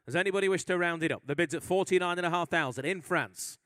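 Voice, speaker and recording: Smooth-voiced male auctioneer calling bids. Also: sits high, sharp tone, no room sound. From England. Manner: brisk bid-calling with teasing asides. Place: auction hall at a live sale.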